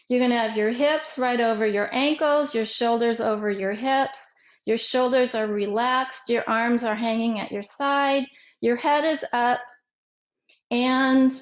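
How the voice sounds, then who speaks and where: A woman leads a self-defense workshop in a slow, deliberate way, circling back and restarting her phrases. Her voice sits a little high. The recording is roomy and echoey, and the sound is dull and muffled. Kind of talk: workshop instruction. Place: online workshop.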